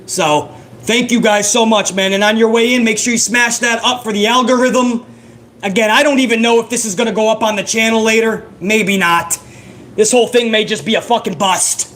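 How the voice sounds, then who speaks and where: A man giving live, profane play-by-play reaction to a wrestling broadcast, excitable and joking. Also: high voice, moderate pace. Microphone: headset.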